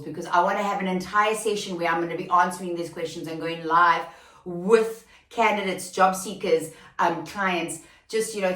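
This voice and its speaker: A woman's voice: lowish voice, roomy sound, far from the mic. A woman hosting a casual solo podcast, chatty and rambling with many fillers and restarts, recorded without proper podcast gear. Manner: grows emotional and excitable near the end. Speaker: podcast host and recruitment company founder. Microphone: no proper podcast mic, recorded without studio gear.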